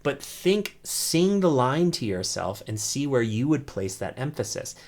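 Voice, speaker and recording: A man's voice: medium pitch, very animated, a little slow, darkish tone. A man teaching an online ukulele class, explaining step by step in an encouraging way and often checking in with "right?".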